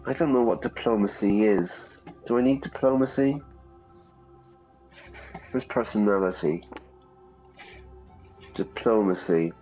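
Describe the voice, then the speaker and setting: A man's voice: lowish voice, unhurried, long pauses, a little mellow. A man hosting a live game stream who reads the game text aloud and chats with his viewers. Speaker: streamer and English teacher. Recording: slightly dull recording with faint music.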